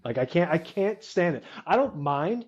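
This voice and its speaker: A man's voice: on the high side, big pitch swings, moderate pace, darkish tone, husky. A man on a podcast ranting bluntly and emphatically, swearing freely. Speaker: podcast co-host. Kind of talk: casual chat. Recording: dull lo-fi podcast mic.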